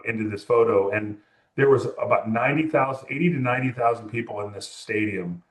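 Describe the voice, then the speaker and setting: A man's voice: fairly low pitch, a little fast, echoey room. A man from California, a music photographer, telling a long story in an interview with many fillers and restarts.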